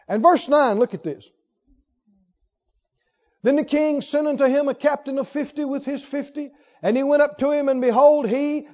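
A man's voice: very high-pitched, darkish tone. A man preaching a sermon who puts rhetorical questions to his congregation. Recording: long hall reverb, dull lo-fi sound.

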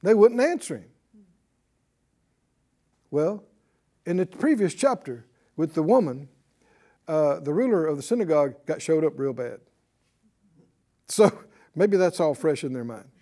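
A man delivers a sermon in a high, bright register. His pitch swings widely as he keeps pulling responses from the congregation. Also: a little slow, pauses often. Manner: animated, calls for responses from the congregation. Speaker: preacher.

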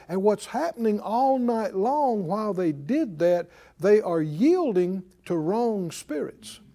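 Male Bible teacher, high and very lively pitch, unhurried delivery, dramatic loud-soft swings. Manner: calls out to the class for responses. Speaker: preacher teaching a Bible class.

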